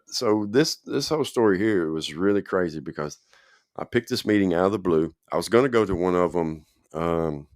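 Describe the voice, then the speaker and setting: A man's voice: low-pitched, no room sound, studio quality. A man hosting a show and telling his own story in a loose, rambling way, often checking that the listener is following. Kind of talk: casual spoken storytelling.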